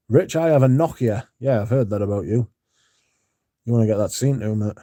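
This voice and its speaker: Guy on a livestream, reads chat out, swears a lot, warm dark voice. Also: lowish voice, normal speed. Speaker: livestream host.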